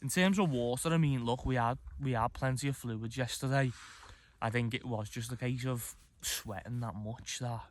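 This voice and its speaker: A camping vlogger chats to camera one morning at an outdoor mountain campsite, rambling a little and poking fun at himself. He speaks at normal speed in a medium-pitched voice.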